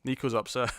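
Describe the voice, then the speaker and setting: A man's voice: mid-range voice, fairly bright tone, dry recording, studio quality. A British man hosting a live stream, chatting casually through viewer comments in a rambling, hesitant way, often restarting and chuckling.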